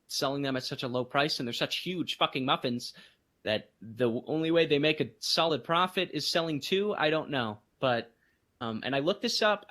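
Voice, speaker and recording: A man co-hosting a podcast, telling a story in casual chat and jumping into high voices for emphasis. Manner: animated storytelling, voices others in bursts of high pitch. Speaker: podcast co-host.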